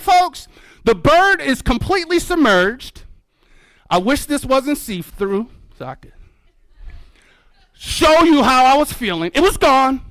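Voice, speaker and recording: A man giving a keynote talk as a birder and educator, telling a story with lively energy, calling the audience folks and acting out his own reactions. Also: very high-pitched, dry recording. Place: museum event hall.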